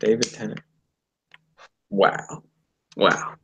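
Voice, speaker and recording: A man's voice: lowish voice, fairly even intonation, very slow, a bit bright, slight background noise. A man in a casual livestream chat, easygoing and encouraging.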